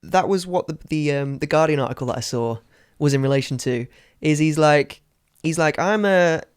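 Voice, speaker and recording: Smooth-voiced northern English man, curious. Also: on the high side, fairly quick, no echo, clean studio sound. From northern England. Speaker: podcast co-host. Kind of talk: casual chat.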